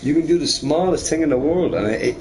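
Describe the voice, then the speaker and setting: A man's voice: fairly high pitch, expressive, fast talker, a little mellow. A man streaming a game, chatting casually in a rambling way, often tagging on "right?" and swearing. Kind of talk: casual chat while gaming. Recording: noisy recording with game sound behind.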